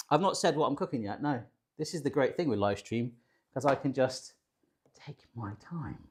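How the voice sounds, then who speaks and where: A British man hosting a live cooking stream from a kitchen, chatty and jokey, poking fun at himself while he reads out viewer comments. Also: mid-range voice. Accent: British English. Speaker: cooking show host.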